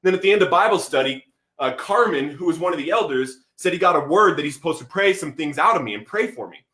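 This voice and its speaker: A man with a slightly high voice tells his story as a podcast guest. He is animated and acts out what people said. He drops "bro" between phrases, and the room echoes around him. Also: quick pace. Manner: animated, acts out quotes, says "bro" often. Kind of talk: storytelling testimony.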